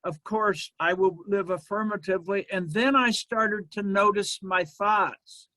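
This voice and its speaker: In a bright, forceful, fairly high voice, a minister gives a sermon at an unhurried, deliberate pace, pausing to let his words settle. The sound is close and dry, with no trace of the room.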